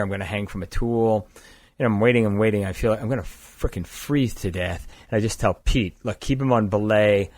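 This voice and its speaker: An older East Coast American man, the founder of a climbing gear company, tells a long story in a matter-of-fact way as a podcast guest. His voice is fairly low, and the studio sound is clean with no echo. He sits indoors across a table.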